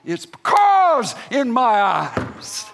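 Older male pastor, high animated voice, unhurried folksy sermon, long hall reverb. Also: gravelly. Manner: folksy storytelling preacher, rising to emphatic peaks.

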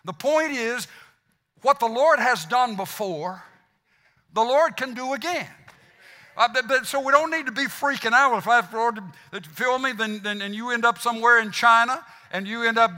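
A man with a Southern US accent preaching a sermon as pastor, animated and fired up, stumbling over restarts as he goes. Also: very high voice, moderate pace. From South Mississippi. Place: church sanctuary. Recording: long hall reverb.

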